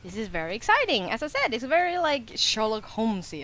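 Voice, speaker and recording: A woman's voice: on the high side, sing-song, a little fast, very noisy. A woman hosting a let's play, chatting playfully and casually about the game as she plays. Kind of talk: casual gameplay commentary.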